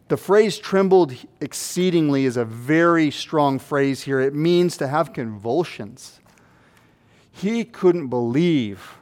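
A man preaching an expository sermon, swinging from loud, acted-out quotes to hushed asides. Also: fairly high pitch. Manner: acts out quoted voices.

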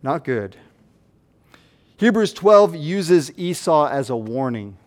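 A man preaching an expository sermon, swinging from loud, acted-out quotes to hushed asides. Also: on the high side, sing-song, slow. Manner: acts out quoted voices.

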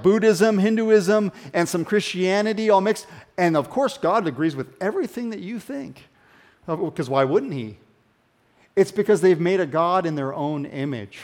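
A man preaching a sermon in a conversational, animated way, often dropping into hushed emphasis. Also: high-pitched. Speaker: pastor.

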